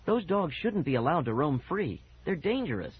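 Guy doing a fussy mom, brisk and announcing, kinda husky, old tape. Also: fairly high pitch, sing-song, heavily acted. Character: fussy, protective mother. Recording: dull old cassette audio.

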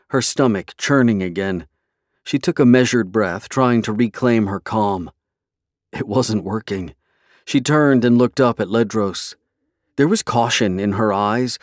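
A man narrating a fantasy novel in a measured, even storytelling way. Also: mid-range voice, no room sound, studio quality. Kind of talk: scripted fantasy audiobook narration.

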